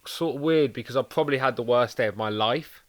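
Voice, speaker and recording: A man's voice: medium pitch, brisk, no room sound. A young man co-hosting a podcast in casual chat, teasing his friend and swearing casually. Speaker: podcast co-host.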